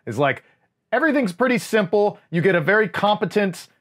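A man's voice: high voice, sing-song, fairly quick, fairly bright tone. A man co-hosting a casual movie podcast, rambling and wry, with lots of fillers. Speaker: podcast co-host. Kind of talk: casual movie review chat.

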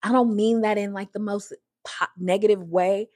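A woman's voice: mid-range voice, steady tone, normal speed, a little mellow, no echo, studio quality. A woman giving a chatty, opinionated casual recap of a reality show, often acting out the people she talks about. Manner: chatty and opinionated, with frequent "like" and restarts; acts out the people she discusses in raised voices. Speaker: reality TV commentator.

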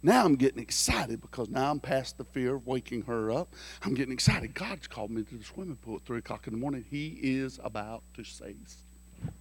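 A man preaching a sermon through folksy, joking stories, animated and lively. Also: medium pitch, a little fast, breathy edge. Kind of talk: storytelling sermon.

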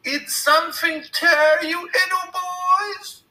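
A man voicing a wild, mischievous boy who screeches and taunts in a shrill, girlish squeal. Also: fairly even intonation, slow pace, sharp tone, echoey room, far from the mic, heavily acted, poor audio. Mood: shrill taunting.

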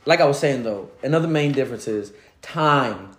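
A man's voice: mid-range voice, moderate pace, a little hiss or hum. Laid-back man telling stories, roomy echo. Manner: animated, acts out quotes, laughs often. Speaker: podcast co-host. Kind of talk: casual storytelling chat. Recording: echoey room.

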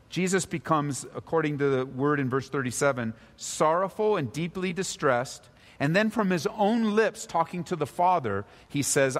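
A male pastor preaching a sermon, his voice swinging between loud, high emphasis and low, hushed stretches. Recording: long reverb of a large hall.

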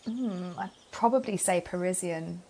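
A woman's voice: fairly low pitch, a little slow, warm tone. Young woman with a southern English accent. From England. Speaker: singer, guest. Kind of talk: casual chat.

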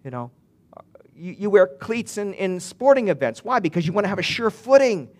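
A man's voice: sits high, sing-song, moderate pace. A male pastor preaching a sermon in an earnest way, building to emphatic swells and often restarting his phrases.

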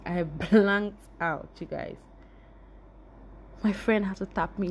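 A woman's voice: mid-range voice, takes it slowly, pauses often, a little hiss or hum. A young woman vlogger telling her viewers an emotional personal story and speaking to them directly.

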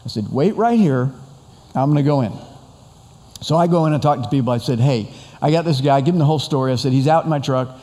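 A man's voice: mid-range voice, fast, big-room sound. A man telling a rambling personal story, acting out the dialogue as he goes. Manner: rambling, animated retelling with quoted dialogue. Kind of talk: storytelling talk.

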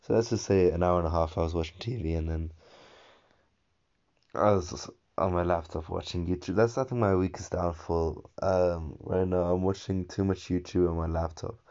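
Young guy with a really low voice rambling on his solo podcast, lots of ums, dull lo-fi sound. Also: steady tone, moderate pace, a little mellow. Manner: rambling, self-coaching, many fillers and restarts. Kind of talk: casual solo podcast monologue.

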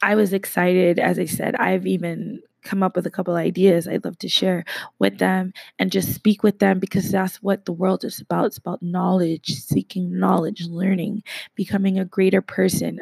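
A woman hosting a casual solo podcast, speaking with a slight lisp in an enthusiastic, rambling way with many fillers and shout-outs. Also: fairly low pitch, little pitch movement, normal speed, vocal fry, husky, no echo. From Canada. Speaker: podcast host.

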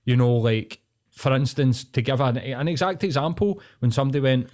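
A man hosting a casual podcast, ranting with lots of swearing and drawn-out pauses. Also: mid-range voice, a little mellow. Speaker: podcast host.

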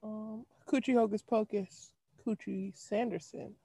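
A woman's voice: medium pitch, fairly even intonation, unhurried, creaky, warm tone, slightly rough, no echo. A woman in casual chat with friends, reacting with exclamations and joining a rhyming word game.

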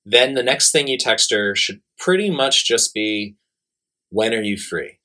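A man's voice: lowish voice, lively intonation, measured pace, sharp tone. A man giving blunt, emphatic dating advice in casual talk, repeating key points. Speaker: dating coach.

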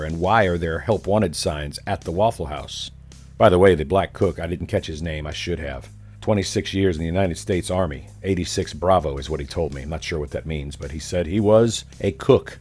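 Deep-voiced guy ranting, sarcastic storyteller, faint music behind. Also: darkish tone. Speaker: commentator. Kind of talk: ranting political monologue.

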